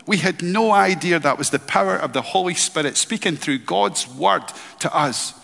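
A man's voice: a little high, moderate pace, vocal fry, fairly bright tone. A middle-aged man from Scotland preaching a sermon and sharing his personal testimony with earnest, repeated emphasis. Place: church hall. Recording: long echo in a large hall.

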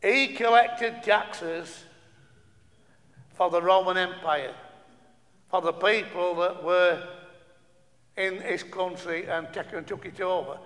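A man's voice: high-pitched, fairly even intonation, takes it slowly, pauses often, fairly bright tone. A man preaching a sermon, stumbling over restarts and asking the listeners rhetorical questions. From northern England. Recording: long hall reverb.

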